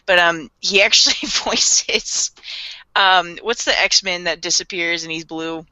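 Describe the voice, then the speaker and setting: A woman co-hosting a casual podcast chat, animated and laughing often, acting out quotes in playful voices. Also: lowish voice, takes it slowly, smooth, dry recording, low-quality recording. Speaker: podcast co-host.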